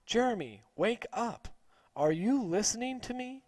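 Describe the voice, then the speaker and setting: A man's voice: mid-range voice, very animated, takes it slowly, a little mellow, dry recording. A man voicing a strict, scolding female schoolteacher in a read-aloud storybook. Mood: stern. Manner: scolding, commanding.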